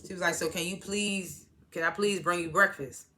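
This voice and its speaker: Chatty woman recapping a show, bright tone. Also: on the low side, fairly even intonation, moderate pace. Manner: retells scenes by quoting characters with "was like"; chatty, laughs at the scenes. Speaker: TV show reviewer. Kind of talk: casual episode recap.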